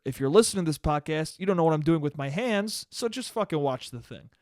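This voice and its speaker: Young man, solo podcast host, slightly high voice, profane, animated storytelling, dry close sound. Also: clean tone, no echo. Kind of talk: casual solo podcast monologue.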